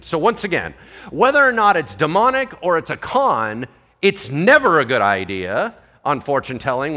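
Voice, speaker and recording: Lively, bright-voiced male pastor preaching. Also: a little high. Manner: animated, full of rhetorical questions. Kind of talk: Bible-teaching sermon.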